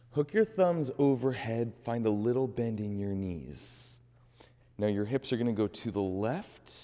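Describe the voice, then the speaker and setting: A man with a lowish voice guides a yoga class, calmly cueing each breath and pose. He speaks very slowly and evenly. His voice carries a long reverb, as if recorded in a large hall. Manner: calm, unhurried cueing of breath and movement. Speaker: yoga instructor.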